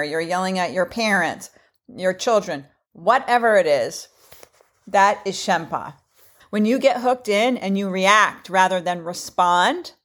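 A middle-aged woman hosting her own podcast, talking in an earnest, repetitive, self-reflective way. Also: fairly low pitch. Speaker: podcast host. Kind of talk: casual solo podcast talk.

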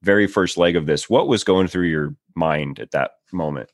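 Deep-voiced male interviewer. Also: moderate pace, dry recording, studio quality. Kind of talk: interview questions.

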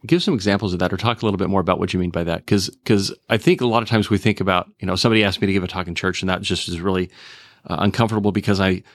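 A host with a very deep voice asks thoughtful, probing questions at a quick clip. The recording is dry and close, with no room sound. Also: fairly even intonation, no room sound. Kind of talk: casual interview.

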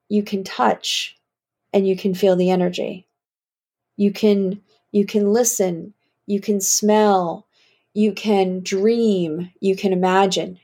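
A middle-aged woman hosting a reflective solo podcast, musing slowly and often restarting her words. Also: medium pitch, gravelly, warm tone. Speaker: podcast host.

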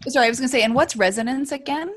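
A woman's voice: sits high, very fast, fairly bright tone, slightly rough. A woman teacher in a casual discussion, thinking aloud and summing up what she has learned. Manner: thinks aloud, sums things up.

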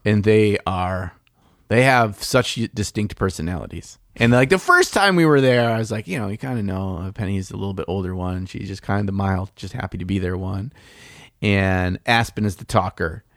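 A man's voice: fairly low pitch, normal speed, fairly bright tone, no echo, clean studio sound. A man chatting casually on a podcast, telling rambling stories with plenty of swearing and filler words. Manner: rambling, profane, laid-back storyteller. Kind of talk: casual chat.

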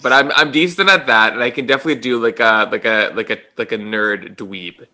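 A man co-hosting a podcast in casual chat, tossing in quick jokes and banter. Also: mid-range voice, sharp tone. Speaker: podcast co-host.

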